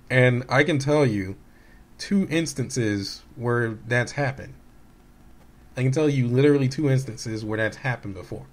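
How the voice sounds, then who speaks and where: A man in his late twenties or thirties talking casually on his own channel, rambling with many restarts and fillers, candid and hurt as he recounts what others said. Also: medium pitch. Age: late 20s to 30s. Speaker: gaming YouTuber. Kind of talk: casual personal vlog talk.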